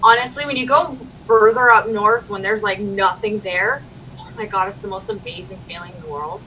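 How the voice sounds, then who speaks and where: A woman co-hosting a casual livestream chat, rambling and quick to laugh. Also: mid-range voice, fairly even intonation, pushed and bright, distant mic, slight background noise, low-quality recording. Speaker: stream co-host.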